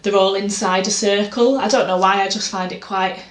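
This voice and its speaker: A woman's voice: medium pitch, fairly even intonation, normal speed. Chatty woman in an echoey room. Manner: chatty, rambling, self-deprecating. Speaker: artist vlogger. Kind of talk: casual chat. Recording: echoey room, faint noise.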